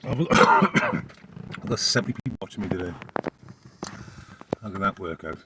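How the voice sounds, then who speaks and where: A man's voice: sits low, sing-song, unhurried, heavy background noise. A Welsh man on a casual live stream from his phone, rambling about the news and breaking off to talk to his dog. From Wales. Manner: rambling, talks to his dog between points.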